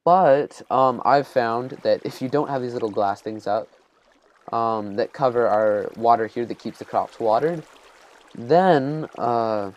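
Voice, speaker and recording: A man's voice: medium pitch, unhurried, lo-fi sound. A man giving casual let's-play commentary, rambling and self-deprecating as he thinks aloud while building. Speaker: gameplay commentator.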